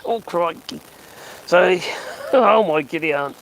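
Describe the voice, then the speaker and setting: A man's voice: high-pitched, slow, creaky, a bit bright, low-quality recording. A man doing casual live-stream commentary on his phone, mocking and sarcastic, swearing and chuckling as he reacts.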